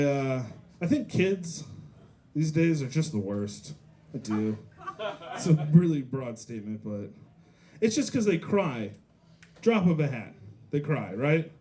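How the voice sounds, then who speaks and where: A young man doing a stand-up comedy set at a restaurant, telling stories deadpan and acting out voices of kids and parents. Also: mid-range voice. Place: pizza restaurant comedy night with audience.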